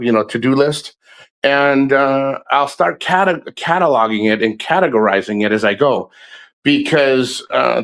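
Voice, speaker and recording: A man's voice: medium pitch, a bit bright. A man chatting casually on a vlog outdoors near the water, rambling with lots of fillers, restarts and swearing. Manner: meandering, swears often, many fillers and restarts. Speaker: vlogger livestreaming.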